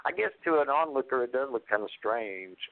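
A man, a guest on a radio show, talking in an easygoing, halting way and laughing often. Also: medium pitch, creaky. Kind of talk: casual on-air chat. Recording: dry, tinny phone line.

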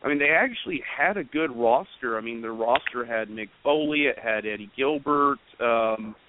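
A man's voice: medium pitch, moderate pace. A man co-hosting a casual wrestling chat, teasing his friends and recalling wrestling history. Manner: teasing, reminiscing wrestling trivia. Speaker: podcast co-host. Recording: tinny phone line with faint noise.

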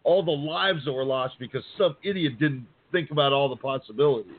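A man co-hosting a podcast in casual chat, animated and profane, often acting out quotes. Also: medium pitch, brisk. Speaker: podcast co-host. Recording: tinny phone-like sound.

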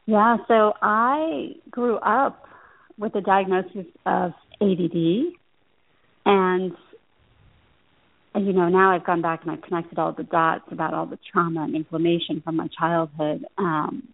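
A nutrition practitioner from Central Ohio, USA, appears as a guest in a casual interview set in New York City, laughing often as she chats. Her lowish voice is gravelly and steady, measured in pace, with no room sound, though the line sounds tinny and phone-like.

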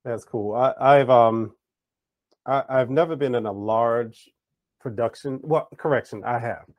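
A man hosting a podcast interview, telling stories in an animated, chatty way. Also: medium pitch, a little slow, no echo. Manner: animated storyteller, acts out quoted voices. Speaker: podcast host. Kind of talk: casual conversational interview.

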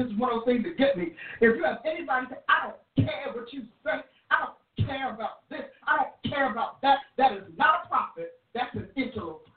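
Woman preacher, emphatic, kinda high voice, sounds far off in an echoey room. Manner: emphatic, preacherly, with repeated restarts. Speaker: preacher and prophetic teacher. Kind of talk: sermon-style teaching. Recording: roomy, distant, phone-like audio.

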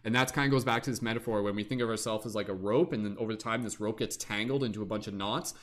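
Eager rambling male host, low voice. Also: steady tone, fast. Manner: rambling, eager, many fillers. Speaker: podcast host. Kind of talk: excited casual talk.

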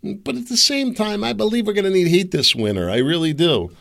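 Middle-aged guy doing a solo podcast rant, lively up-and-down voice, sarcastic asides. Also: high voice, fairly quick, vocal fry. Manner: rambling and opinionated, with sarcastic asides. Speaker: podcast host.

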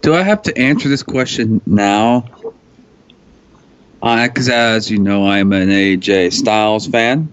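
A man co-hosting a casual wrestling talk show, halting often with ums and restarts. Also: fairly low pitch, smooth, dull audio. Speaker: podcast co-host.

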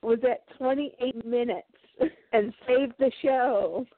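A woman's voice: on the high side, slow pace, no room sound. A woman co-hosting a casual podcast, chatting and rambling with fillers. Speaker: podcast co-host. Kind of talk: casual chat. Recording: tinny phone-like line, dry.

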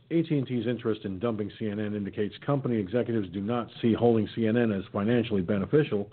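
A man's voice: medium pitch, husky. A male show host reading news stories aloud and mocking them with sarcastic, swearing asides, yawning and stumbling as he goes. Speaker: internet radio show host. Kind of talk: casual reading and commenting on news. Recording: tinny phone-line sound.

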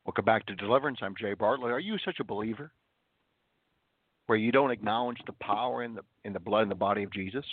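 A man's voice: lowish voice, quick pace, no room sound. Earnest male radio preacher, tinny audio. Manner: earnest, emphatic, full of rhetorical questions. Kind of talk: radio sermon. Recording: dry, tinny phone-like broadcast audio.

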